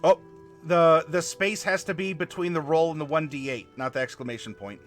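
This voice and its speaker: Bright-voiced man running a stream. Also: on the high side, soft background music. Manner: halting, with frequent fillers, spelling out dice commands for viewers. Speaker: game master and stream host. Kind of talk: live-streamed tabletop worldbuilding, talking to chat.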